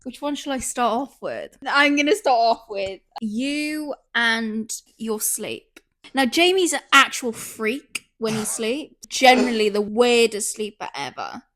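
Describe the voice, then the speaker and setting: A lively woman hosts a podcast and chats, telling stories with big loud bursts when she quotes people. Her voice sits a little high and swings widely in pitch. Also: unhurried. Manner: animated storyteller, swears, acts out quotes loudly. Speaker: podcast host. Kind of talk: casual chat.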